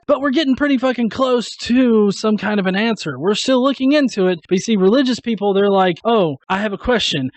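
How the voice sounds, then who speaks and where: A man's voice: on the high side, a little mellow, no room sound. A man hosting a response video, ranting in a crude, sarcastic way and swearing constantly. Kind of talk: profane casual rant.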